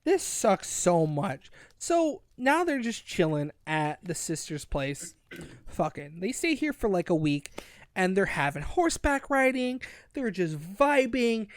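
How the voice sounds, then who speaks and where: A man's voice: high voice, very animated, a little slow, dry recording, clean studio sound. A man co-hosting a casual review chat, crude and sarcastic, often restarting his sentences. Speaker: podcast co-host.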